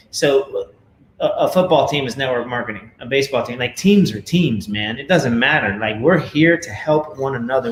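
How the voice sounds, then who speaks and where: A man's voice: mid-range voice, moderate pace, roomy sound, a little hiss or hum, poor audio. A man casually talking to viewers at home, rambling with many fillers and a preachy tone. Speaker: network marketing leader. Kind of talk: casual video talk to viewers.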